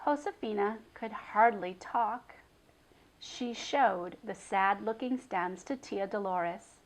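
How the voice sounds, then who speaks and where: A woman reading a children's chapter book aloud, expressive, with hushed drops for suspense. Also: medium pitch, takes it slowly, low-quality recording. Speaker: storyteller.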